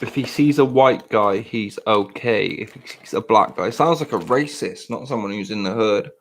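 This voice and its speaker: A man's voice: lowish voice, moderate pace. A young English man in casual podcast chat, blunt, profane and rambling. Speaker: podcast host.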